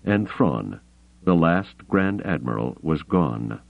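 A man narrating a novel as an audiobook, reading dramatically with measured pauses. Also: extremely low pitch, big pitch swings, gravelly, dry recording. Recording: tinny phone-like audio.

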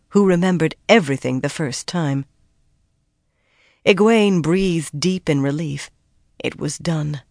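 An audiobook narrator giving steady, measured scripted narration of a fantasy story. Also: medium pitch, no room sound, clean studio sound.

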